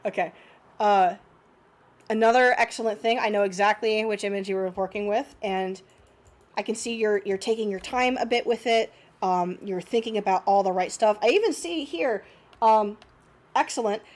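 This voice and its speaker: A woman's voice: mid-range voice, normal speed. Chatty young woman, sniffly voice. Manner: chatty, encouraging, many fillers and restarts. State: slightly congested, sniffly. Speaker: art teacher. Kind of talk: unscripted art critique lesson.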